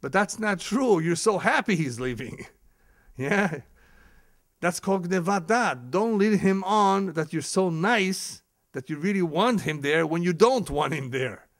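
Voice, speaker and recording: A man's voice: fairly high pitch, a little slow, no echo, clean studio sound. A man teaching a religious ethics lesson as a rabbi, telling stories with chuckles and Hebrew terms. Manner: lively storytelling, acts out quoted speakers, chuckles often; sprinkles Hebrew terms into English. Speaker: rabbi lecturer.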